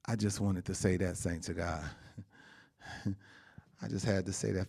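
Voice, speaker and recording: A man pastor preaching a sermon, calling out to the congregation, laughing as he talks and surging high and loud, then dropping to a hushed prayer. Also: a little slow, gravelly, long pauses, husky. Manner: animated, surges high and loud, laughs through lines, calls out "Amen?" and "Huh?"; drops to a hushed, soft tone in prayer.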